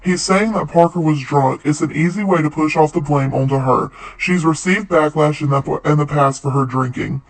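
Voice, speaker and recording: Man narrating with a gravelly edge. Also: a little high, normal speed, hardly any pauses, rough recording. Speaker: commentary channel host. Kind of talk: scripted commentary narration.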